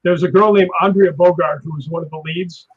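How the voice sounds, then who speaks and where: A man, a stunt performer guest, telling lively anecdotes and acting out crashes with sound words like boom and whap, with a husky voice. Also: fairly quick. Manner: animated, acts out impacts with sound words. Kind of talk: anecdotal storytelling on a live show. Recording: dull lo-fi sound.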